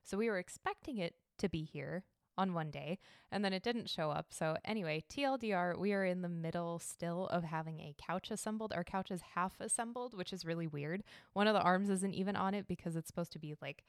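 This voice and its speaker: A woman's voice: lowish voice, fairly quick, clear, resonant tone, no echo, studio quality. Chatty, swearing woman podcast host. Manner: chatty, swears casually, laughs at herself. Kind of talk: casual chat. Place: home decorated for holidays.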